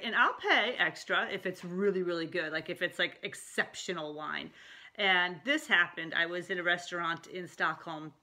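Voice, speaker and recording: A middle-aged woman with a bright, forward voice, chatting to camera as a life coach. She talks in an animated, loose way, with frequent laughs and asides. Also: fairly low pitch. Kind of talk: casual talking-head vlog.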